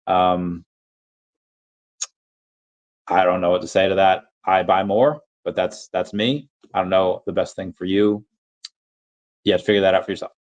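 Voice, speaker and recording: Answering viewer questions on a casual livestream, a man with a somewhat low, flat voice speaks at a moderate pace and pauses often, in a muffled recording. He rambles, corrects himself mid-sentence, and puts on playful voices when reading chat.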